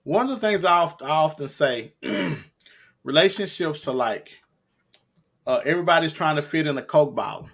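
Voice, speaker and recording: A man's voice: a little high, lively intonation, normal speed, fairly bright tone. A man from Africa chatting on a panel, explaining things with a homely analogy. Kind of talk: casual chat.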